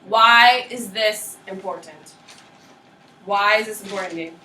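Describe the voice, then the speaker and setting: Lively woman teacher in a roomy classroom. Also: medium pitch, unhurried. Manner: lively, checks in with students often. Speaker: history teacher. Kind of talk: classroom lecture. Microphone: far camera. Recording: roomy classroom audio from a distant camera.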